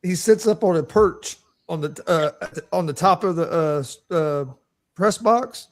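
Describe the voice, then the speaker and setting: Young guy cohosting sports talk, high voice, halting, keeps hunting for words. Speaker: co-host. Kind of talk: casual sports chat.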